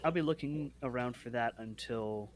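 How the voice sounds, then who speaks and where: A man's voice: mid-range voice, normal speed, noisy background. A man playing in a tabletop game, talking out of character in a matter-of-fact way. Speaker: player. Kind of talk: casual game talk.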